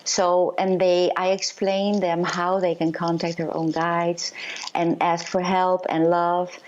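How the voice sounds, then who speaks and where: A woman with a lowish voice tells her experiences earnestly, pausing and restarting with fillers as she goes. The sound is dull and lo-fi, like a remote call. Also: level tone, darkish tone. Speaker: psychic medium guest. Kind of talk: interview storytelling.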